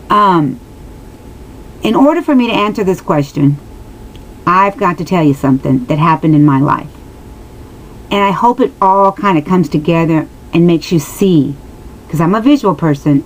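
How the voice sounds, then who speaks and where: Woman vlogger, low-pitched, earnest personal storytelling, lots of restarts and asides, faint background hiss. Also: low-quality recording. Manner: rambling, with many restarts and asides to viewers; earnest and emotional. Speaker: vlogger answering viewers.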